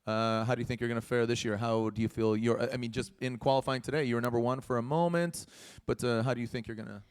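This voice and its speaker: A man's voice: mid-range voice, fairly even intonation, fast, clear, resonant tone. A man hosting a live motorsport press conference, joking and teasing the young drivers with lots of laughs. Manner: teasing, playful, laughs often.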